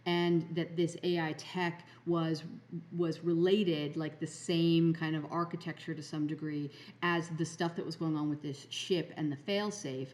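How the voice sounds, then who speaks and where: A woman's voice: low voice, fairly even intonation, a little slow, a little mellow. A woman hosting a podcast, telling a spiritual story in a rambling way, full of fillers and restarts. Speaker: podcast host.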